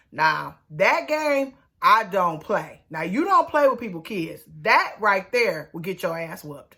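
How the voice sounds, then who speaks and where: A young woman talks through a reality TV episode in a loose, slangy way. She is sassy and animated, acting out the people she quotes in loud, high voices. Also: a little slow, hardly any pauses. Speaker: reality TV recap host. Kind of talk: casual recap commentary.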